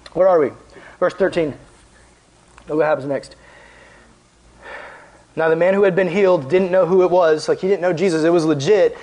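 A man preaching as a youth pastor in a casual, animated, conversational way, with lots of filler words. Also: sits high, poor audio. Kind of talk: casual sermon.

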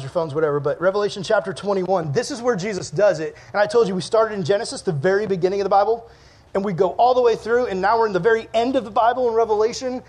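A man's voice: sits high, a little mellow. A man preaching a casual sermon to teenagers as a youth pastor, chatty and joking, often laughing at himself.

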